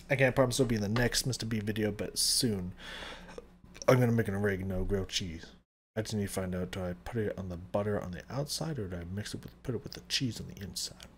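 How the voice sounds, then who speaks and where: A video reactor gives casual reaction commentary, ranting and cursing as he swings between loud outbursts and low muttering. His voice is strained, as if he's recovering, and there's slight background noise.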